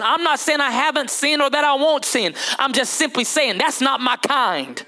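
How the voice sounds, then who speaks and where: A male pastor preaching a sermon in an animated, conversational way, calling out to the congregation. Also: very high voice, moderate pace, hardly any pauses. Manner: animated, conversational, calls to the crowd.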